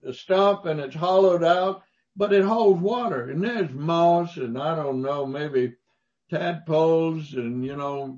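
Man, preacher, folksy storytelling, high voice, dull lo-fi sound. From Mississippi, US. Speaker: pastor. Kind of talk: sermon.

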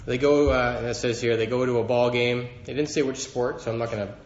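A man's voice: medium pitch, fairly even intonation, brisk, lo-fi sound. Earnest male preacher in a roomy hall. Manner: earnest, rising in emphasis when quoting scripture. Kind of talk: sermon.

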